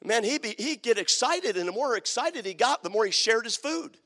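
A man preaching a sermon as a story, turning dramatically from loud to hushed. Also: extremely high pitch, lively intonation, normal speed. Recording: long reverb of a large hall.

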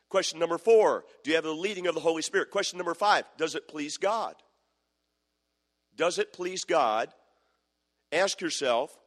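A man's voice: on the high side, a bit bright. A man preaching a sermon, firmly repeating questions to the congregation and quoting verses in old scripture wording. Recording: long hall reverb.

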